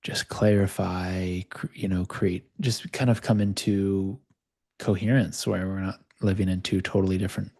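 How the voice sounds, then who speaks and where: A man hosting a live video call session, calmly coaching a participant and talking openly about his own past. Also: sits low, moderate pace. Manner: calm, reflective, speaks of own past openly.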